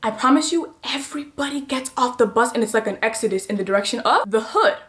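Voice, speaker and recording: A young woman recounting a personal story for her vlog, lively and dramatic in her delivery. Her voice sits a little high. She talks casually and directly to her viewers. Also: fast talker. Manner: animated, chatty, dramatic retelling. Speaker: vlogger.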